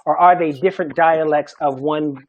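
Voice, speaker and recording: Animated high-voiced man from Charleston. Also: moderate pace, narrow, tinny audio, noisy background. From Charleston, South Carolina. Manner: animated, emphatic, laughs often. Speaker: Gullah language teacher. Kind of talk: panel talk.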